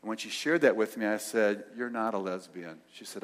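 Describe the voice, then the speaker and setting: An older male pastor telling a story in a sermon, acting out the dialogue and dropping to soft tones. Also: on the low side, fairly quick. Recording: long hall reverb.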